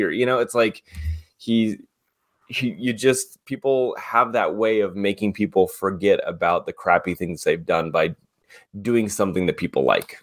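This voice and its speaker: Low-voiced blunt male podcast host. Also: moderate pace, dry recording, clean studio sound. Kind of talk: casual chat.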